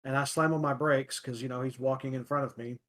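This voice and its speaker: Halting young man telling stories. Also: medium pitch, steady tone, a bit bright. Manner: halting, searching for words with many fillers. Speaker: podcast host. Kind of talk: casual chat.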